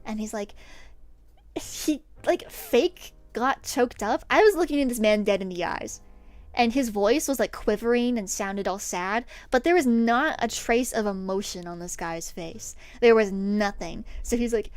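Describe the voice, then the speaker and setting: High-voiced woman telling stories animatedly. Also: a little slow, no echo, soft background music. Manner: animated, swears freely, laughs often. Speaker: streamer. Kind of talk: casual storytelling chat on stream.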